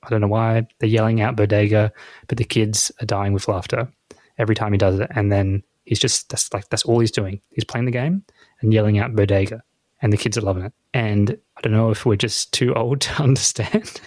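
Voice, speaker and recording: A man's voice: lowish voice, steady tone, brisk, a little mellow, no room sound. A middle-aged man co-hosting a podcast in casual chat, telling anecdotes bluntly and swearing freely. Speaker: podcast co-host.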